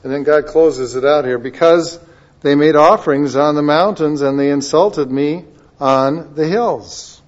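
A man's voice: on the high side, unhurried. Emphatic preacher man, lo-fi recording. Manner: swings from quiet asides to loud emphatic scripture reading. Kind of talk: sermon. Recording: dull lo-fi sound.

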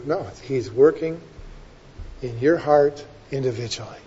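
Preacher with a dramatic, swinging delivery. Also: male voice, a little high, slightly rough. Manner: dynamic, swinging between soft asides and loud emphatic drawn-out lines. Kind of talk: sermon. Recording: dull lo-fi sermon recording.

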